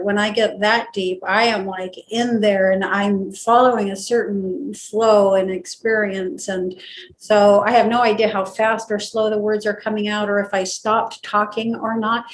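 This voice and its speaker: A woman's voice: medium pitch, poor audio. Reflective woman with faint background hiss. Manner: reflective, thinking aloud with many "like" fillers. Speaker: channeling practice partner. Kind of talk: casual conversation.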